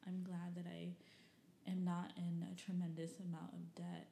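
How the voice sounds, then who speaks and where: A woman's voice: lowish voice, completely flat delivery, moderate pace, gravelly, warm tone, echoey room, slight background noise. A young woman from Michigan telling personal stories and reading old diary entries in a rambling, candid way, full of fillers and the odd curse. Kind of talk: personal storytelling.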